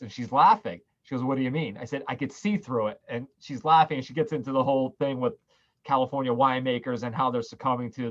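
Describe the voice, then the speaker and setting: A man's voice: medium pitch, lo-fi sound. A man hosting a virtual wine tasting, chatting casually and eagerly telling stories. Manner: enthusiastic storyteller, quotes people. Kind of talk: casual chat.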